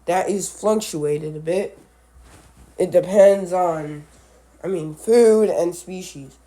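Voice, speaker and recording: Man, under the weather, unhurried and warm-toned, stumbles over names in a casual read-along. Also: sits high. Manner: halting, self-correcting, stumbles over names. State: sick, voice a little off. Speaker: animal video creator.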